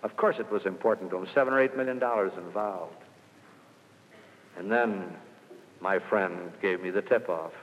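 A middle-aged man gives a story-driven speech to a room full of salespeople, firing off sharp rhetorical questions. The recording sounds dull and dated, like an old radio broadcast. His voice carries a long hall reverb. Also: sits low, normal speed, long pauses. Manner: emphatic, punchy rhetorical questions. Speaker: sales speaker. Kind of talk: anecdotal speech to an audience.

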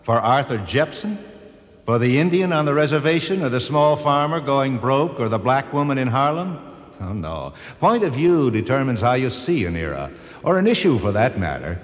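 An actor playing a reflective personification of history, speaking earnestly and gently correcting others. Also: male voice, mid-range voice, big pitch swings, normal speed, close to an everyday voice. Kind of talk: scripted drama narration. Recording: long reverb.

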